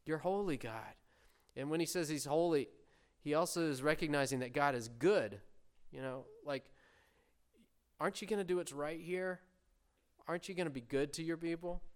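A man preaching a sermon, earnestly explaining scripture and slowing down to voice prayers with emphasis. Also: fairly high pitch, clean tone. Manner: earnest, slows and swells when voicing prayers.

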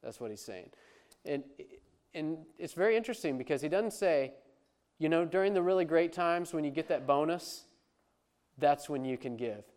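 Man, pastor, sermon, conversational, emphatic, clear resonant voice. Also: fairly high pitch, lively intonation, normal speed, darkish tone. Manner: conversational, emphatic preaching with restarts.

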